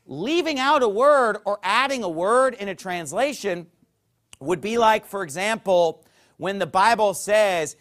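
A man's voice: sits high, lively intonation, a little slow, a bit bright. A man preaching a sermon in an emphatic, conversational way, often checking in with his listeners.

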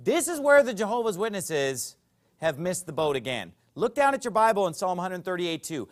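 A man's voice: high voice, very animated, normal speed. A man preaching a sermon as pastor, emphatic and fond of rhetorical questions.

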